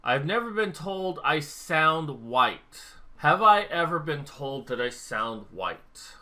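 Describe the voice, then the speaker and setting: A man's voice: a little high, big pitch swings, slow, pushed and bright. A young adult man vlogging casually, rambling and thinking aloud as he talks straight to the camera. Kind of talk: casual talk-to-camera monologue.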